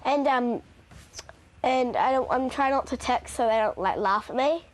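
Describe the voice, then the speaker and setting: A woman's voice: high-pitched, moderate pace, a little hiss or hum. A young teenage girl from New Zealand, shy and hesitant, speaking with many fillers. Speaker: schoolgirl with Tourette's.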